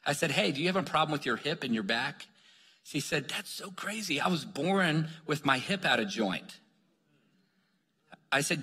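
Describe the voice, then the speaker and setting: A male preacher delivers an energetic sermon full of stories, pressing his listeners on again and again. His voice is bright and forceful with a husky edge. It rings through a large hall with a long reverb. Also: mid-range voice. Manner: energetic, calls "come on" to the crowd. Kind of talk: sermon storytelling.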